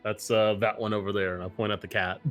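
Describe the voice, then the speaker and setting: A man playing a tabletop game who describes his character's actions with halting restarts. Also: lowish voice, flat delivery, a bit bright. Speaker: player. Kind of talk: casual talk at a game table. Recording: faint background music.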